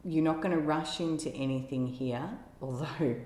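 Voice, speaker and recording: A woman giving an intuitive tarot love reading in a gentle, musing way, now and then exclaiming with delight. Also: deep voice, normal speed. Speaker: tarot reader. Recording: echoey room with faint ambience.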